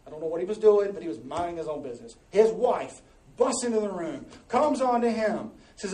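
A high-voiced man preaching a sermon, animated and conversational, dropping into quiet asides and then pushing out loud exhortations. He is heard from a distance in an echoey church hall with faint ambience behind him. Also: brisk, few pauses. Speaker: pastor.

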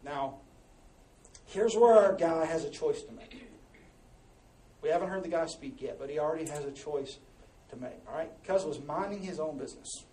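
A man pastor preaching a sermon in an animated, conversational way, swinging from hushed asides to loud exhortation. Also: a little high, normal speed, pauses often. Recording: echoey room, distant mic, faint ambience.

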